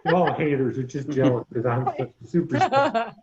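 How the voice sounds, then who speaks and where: A man's voice: medium pitch, big pitch swings, normal speed, natural voice. A man doing a bragging animal-park owner. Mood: boastful. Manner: bragging, grandiose. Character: boastful male animal-park owner, self-obsessed showman. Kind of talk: reading a murder-mystery party script. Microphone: video call. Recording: muffled, echoey video call audio.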